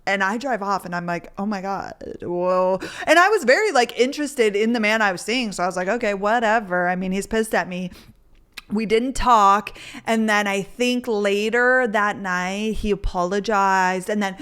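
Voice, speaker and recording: A woman's voice: medium pitch, normal speed, a bit bright, clear, resonant tone. A young woman hosting a podcast, telling a personal story in a candid, chatty way and swearing freely. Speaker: podcast host. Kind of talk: casual storytelling.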